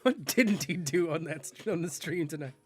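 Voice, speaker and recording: A man's voice: a little high, lively intonation, normal speed. A male streamer in casual live-stream chat, joking with his viewers and tripping over tricky words.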